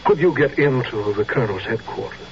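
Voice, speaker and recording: An actor playing a grave, authoritative general questioning a soldier in a 1970s radio drama, from a dull old broadcast recording. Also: male voice, medium pitch, expressive, slight background noise, close to an everyday voice. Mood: probing. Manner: measured, authoritative. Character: stern commanding general, probing and grave.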